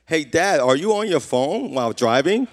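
A man's voice: on the high side, big pitch swings, moderate pace, voice pushed up. A man voicing his young daughter as she scolds and corrects her dad during a sermon. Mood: scolding. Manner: pleading, correcting. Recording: reverberant hall.

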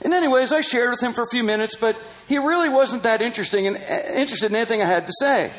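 Older man, very high voice, animated storyteller who laughs often, missionary. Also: fast, rough recording. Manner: animated, laughing often, acting out quoted dialogue. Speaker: Christian missionary. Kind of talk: personal storytelling in conversation.

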